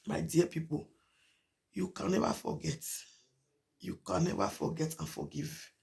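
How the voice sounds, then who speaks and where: Gravelly Nigerian woman vlogging. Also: sits low, very animated, a little slow, a little mellow. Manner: emphatic and repetitive, mixing Pidgin with English. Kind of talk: casual talk to camera.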